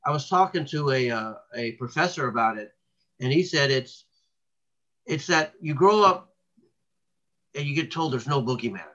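A man's voice: mid-range voice, fairly bright tone, dull audio. A man being interviewed as a researcher, telling long stories in a rambling way, with many restarts and fillers. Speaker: cryptid researcher guest. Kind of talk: casual interview talk.

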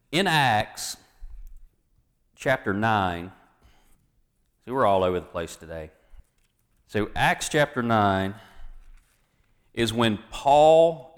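A man's voice: mid-range voice, big-room sound. A man preaching a sermon as pastor, reading scripture with folksy asides and jokes to the congregation.

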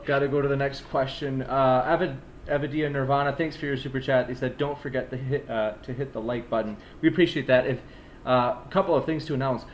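A man moderating a live stream debate, reading questions in a friendly, hurried way, with some faint noise behind. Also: mid-range voice, fairly even intonation, highs cut off.

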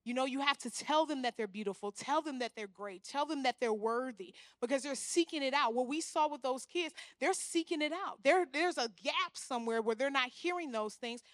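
A young woman preaching a sermon, animated, often acting out the voices she quotes. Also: high-pitched, brisk, hardly any pauses, dry recording, studio quality. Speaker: guest speaker.

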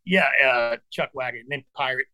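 Bright-voiced man swapping road stories. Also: mid-range voice, normal speed, dry recording. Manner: animated storyteller, reminiscing with old friend. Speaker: podcast guest, musician. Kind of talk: casual chat, storytelling.

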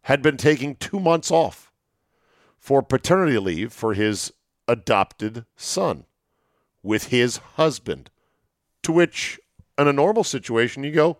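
A man hosts a solo talk segment, spinning anecdotes with wry asides in a medium-pitched voice. His voice is wearing thin and a little hoarse. The sound is close and dry, with no room around it. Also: expressive, takes it slowly, pauses often, no echo. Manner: chatty, storytelling, wry asides. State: voice going hoarse. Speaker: sports radio host. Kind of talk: solo monologue, casual chat.

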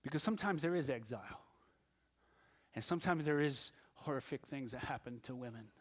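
A middle-aged man preaching a sermon, moving from quiet, musing talk to loud, impassioned passages. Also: medium pitch, fairly quick. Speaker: pastor.

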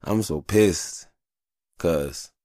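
A man's voice: sits low, very slow, dark tone, dry recording, clean studio sound. A man hosting a podcast, venting in a heated, profane casual monologue. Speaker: podcast host.

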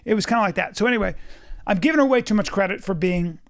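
A man in his forties, chatting casually and telling animated, profane stories, acting out quotes. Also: sits high, fast. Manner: animated, swears a lot, acts out quotes. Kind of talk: casual chat, storytelling.

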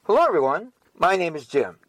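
A man co-hosting a podcast, acting in a short comic skit with a lively, reassuring manner. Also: a little high, fairly quick, no echo, rough recording. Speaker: podcast co-host.

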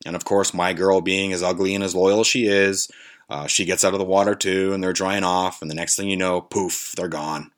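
Deep-voiced man telling a profane story. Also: level tone, a little fast. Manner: profane, rambling, many fillers. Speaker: podcast host. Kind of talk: casual storytelling.

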